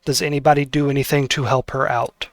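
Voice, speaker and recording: A man's voice: mid-range voice, level tone, fast, no room sound. A man narrating a tabletop game as game master, hesitant and with many fillers.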